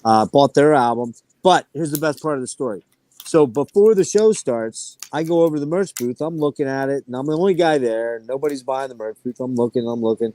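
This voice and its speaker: A man hosting an online talk show, telling stories in an animated way and swearing freely. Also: mid-range voice, a little fast. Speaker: podcast host. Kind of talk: casual chat.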